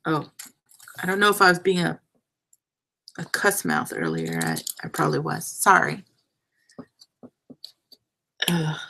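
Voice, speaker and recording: A woman's voice: sits low, very animated, measured pace, vocal fry, long pauses, sharp tone, a little hiss or hum, rough recording. A young adult woman hosting a casual crafting livestream, chatty and self-deprecating, trailing off mid-sentence as she works with her hands.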